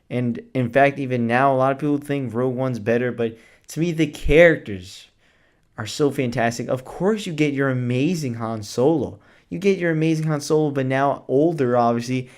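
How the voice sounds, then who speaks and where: A man's voice: medium pitch, darkish tone. Man, movie review vlog, enthusiastic, gushing, casual, filler words. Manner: swears casually.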